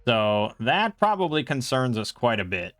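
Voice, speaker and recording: Male narrator, mid-pitched, casual, runs a solo tabletop game, reads rules and dice results, thinks out loud, faint music under the voice. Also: sing-song, moderate pace. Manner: thinking aloud, reading rules and rolls.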